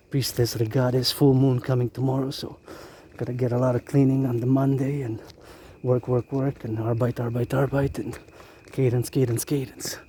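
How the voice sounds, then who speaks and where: A man chants a marching cadence in a slow, rhythmic sing-song, and it stays on a nearly flat pitch throughout. His voice is dark and mellow, with a faint hiss of background noise. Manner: breaks from the chant into loose asides. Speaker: video creator leading a marching cadence.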